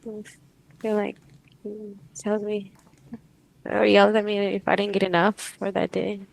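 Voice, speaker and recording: A woman client under hypnosis describing what she sees in a hesitant, halting way, full of pauses. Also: mid-range voice, level tone, vocal fry, rough recording. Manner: hesitant, halting, dreamy speech with pauses and restarts.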